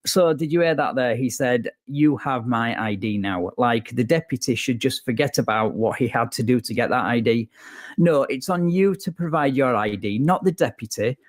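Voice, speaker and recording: A man's voice: mid-range voice, moderate pace. A man narrating a video in a scripted, sarcastic and scornful way.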